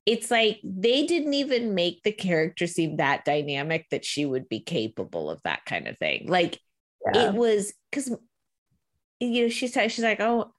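A woman co-hosting a relaxed chat about a show, her voice swooping high and low as she talks. She keeps slipping into little acted-out lines from the characters. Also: moderate pace. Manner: animated, acts out characters' lines mid-story. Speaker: podcast co-host. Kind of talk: casual chat about a TV episode.

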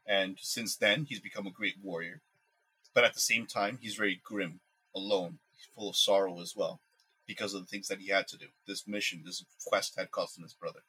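A man's voice: sits low, steady tone, normal speed, sharp tone, husky, rough recording. A man and podcast co-host who retells a legend in a loose, rambling, casual way. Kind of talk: casual storytelling.

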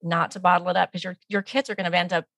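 Animated woman life coach, dry close sound. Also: on the low side, racing, creaky, no echo. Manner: animated, acts out her own inner dialogue. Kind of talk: casual podcast conversation.

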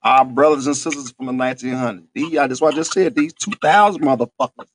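A man's voice: mid-range voice, fast, slightly rough, no room sound, clean studio sound. A man in his thirties co-hosting a casual podcast, bantering loosely and cursing. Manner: laid-back, profane banter. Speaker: podcast co-host.

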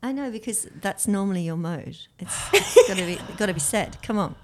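A woman co-hosts a live morning radio show from the studio. Her voice sits at a middle pitch, and she talks playfully, protesting her innocence with mock drama. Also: animated, a little fast, heavy background noise. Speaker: radio co-host.

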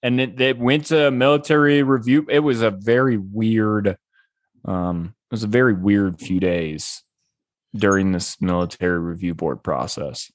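A man's voice: lowish voice, steady tone, a little slow, dry recording, studio quality. A young man in a casual chat, recounting an anecdote with fillers and laughs. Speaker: podcast co-host. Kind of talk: casual chat among friends.

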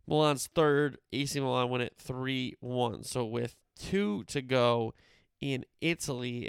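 A podcast host with a medium-pitched, gravelly voice that's clear and resonant runs casually through soccer scores and previews. The sound is studio quality with no echo. His roundup is conversational and rambling, with fillers and self-corrections throughout.

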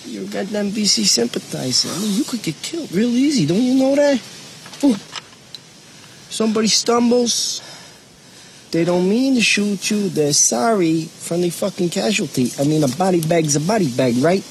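A man's voice: high-pitched, animated, normal speed, creaky, slight background noise. A man playing a menacing army sergeant who sneers and threatens in a swaggering drawl, in a film clip. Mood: menacing taunt. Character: menacing male army sergeant taunting a young soldier.

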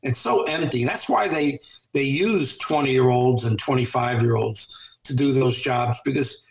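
A man's voice: mid-range voice, a little slow. Earnest man in an echoey room. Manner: earnest, coaching tone. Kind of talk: motivational interview talk.

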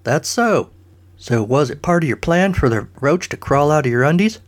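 A man's voice: fairly high pitch, lively intonation, moderate pace, pitched above the performer's own voice, natural voice. A man voicing a crude, brash male pest catcher in a comic story. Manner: brash, swaggering.

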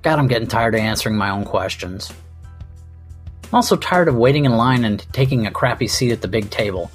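A man's voice: medium pitch, animated, a little fast, faint music behind. A man hosting a comedy podcast, delivering a wry, rambling, self-mocking monologue.

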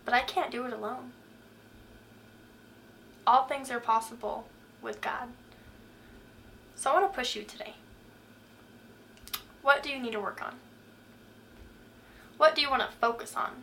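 Earnest woman with a bright voice. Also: a little high, a little slow, gravelly, pauses often, a little hiss or hum. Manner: earnest, asks the listener direct questions. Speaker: Christian speaker. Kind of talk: faith-based motivational talk.

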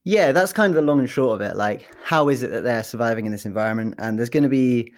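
A young man with an English accent talks in a relaxed, chatty way as an interview guest. He is a PhD researcher who rambles a little, with plenty of fillers and restarts. His voice sits at an ordinary middle pitch. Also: fast talker. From England. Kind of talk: casual interview chat.

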